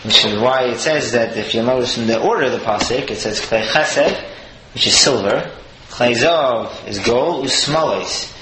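A man teaches a Torah lesson, earnest and explanatory, unpacking each verse phrase by phrase. His voice sits at an ordinary middle pitch. The room is echoey, with steady noise behind him. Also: moderate pace.

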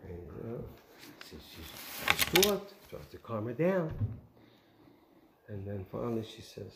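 A man giving an animated Torah talk, asking rhetorical questions and telling stories. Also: lowish voice, unhurried, creaky, pauses often, reverberant, a little hiss or hum. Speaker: Torah teacher.

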